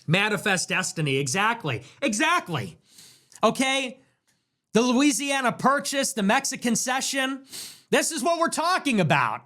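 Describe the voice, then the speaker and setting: A man hosting a livestream, delivering an emphatic, declamatory political monologue that builds to shouts. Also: very high voice, very animated, unhurried. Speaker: livestream host.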